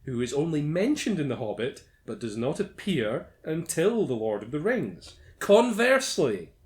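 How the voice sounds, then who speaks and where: A man hosting a casual movie commentary, reading out trivia with sardonic, sweary mock outrage. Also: medium pitch. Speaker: podcast host reading film trivia.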